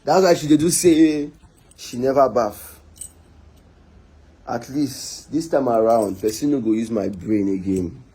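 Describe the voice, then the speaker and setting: A man's voice: medium pitch, a little slow, pauses often, dark tone, breathy edge, rough recording. A man with a Nigerian accent giving a heated online rant, scolding and exasperated, repeating himself again and again.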